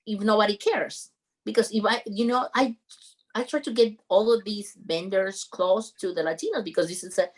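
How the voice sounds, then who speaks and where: A woman who founded a roofing business appears as a podcast guest, telling an emotional story in conversation. Her English is earnest and animated, with non-native grammar, in a mid-range voice.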